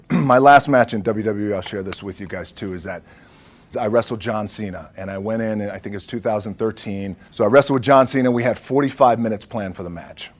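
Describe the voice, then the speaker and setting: Low-voiced man telling a candid story. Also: a little fast. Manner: casual, swears, acts out dialogue. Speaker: motivational speaker. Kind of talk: candid storytelling talk to athletes.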